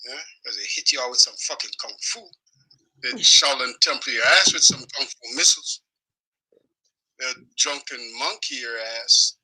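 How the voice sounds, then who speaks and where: A man delivering an angry, profane weekly rant, swearing constantly and shouting in bursts. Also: mid-range voice, normal speed, breathy edge, rough recording. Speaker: video blogger.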